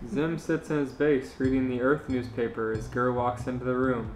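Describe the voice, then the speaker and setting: A man co-hosting a podcast, chatting casually in a low-key, mumbly way and reading fan fiction aloud. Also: level tone, normal speed, soft background music. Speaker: podcast co-host. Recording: roomy echo.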